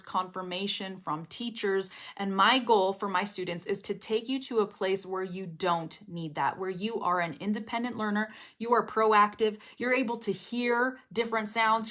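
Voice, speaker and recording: Young female teacher, casual, encouraging, checks in constantly, mid pitch. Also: fairly bright tone. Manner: chatty, encouraging, often checks in with "okay?" and "right?". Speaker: English pronunciation teacher. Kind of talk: casual spoken lesson to camera.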